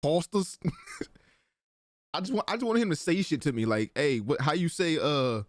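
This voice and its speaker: A young man co-hosting a podcast in casual chat, telling stories with lots of laughter and sudden excited jumps in pitch. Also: a little slow, no echo, clean studio sound. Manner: animated storyteller, laughs often, jumps into high excited bursts. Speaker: podcast co-host.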